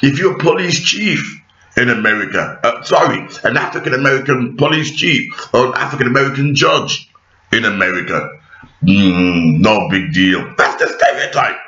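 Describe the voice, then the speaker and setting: A man giving an impassioned monologue to camera, emphatic, rising to shouts and then dropping low and pleading. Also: normal speed. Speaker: video commentator. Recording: echoey room, dull lo-fi sound.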